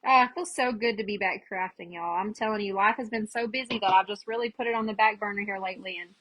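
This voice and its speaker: A woman's voice: medium pitch, fast talker, a bit bright, rough recording. A chatty woman, hosting a casual live crafting demo and greeting viewers by name as she works. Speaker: craft livestream host.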